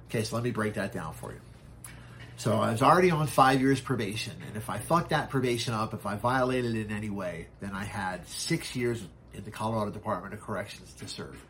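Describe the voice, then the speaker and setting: A man's voice: lowish voice, a little fast, fairly bright tone, a little hiss or hum. A man telling a personal story in a casual, candid way, often swearing and acting out what others said. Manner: candid, profane, acts out quoted voices. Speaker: podcast guest.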